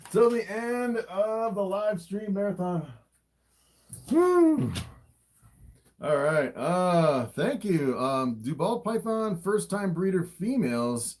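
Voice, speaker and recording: A man's voice: high voice, a little mellow. A man chatting casually on a livestream, answering viewer questions, laughing often, with his throat a little sore, recorded on a phone camera. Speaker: livestream host and snake breeder.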